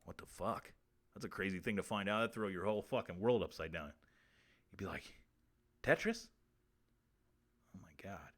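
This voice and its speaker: A man's voice: medium pitch, a bit bright. A man hosting a comedy show, ranting crude facts and swearing constantly. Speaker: host. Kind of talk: profane comedic fact monologue.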